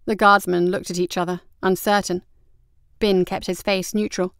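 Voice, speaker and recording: A woman reading a story aloud in a measured, scripted narration. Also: lowish voice, flat delivery, smooth, no echo, studio quality.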